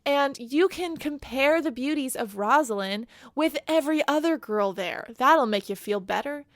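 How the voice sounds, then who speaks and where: A woman's voice: high voice, animated, moderate pace, no room sound, clean studio sound, voice pushed up. A woman voicing an eager young man who talks in a blunt, pushy way.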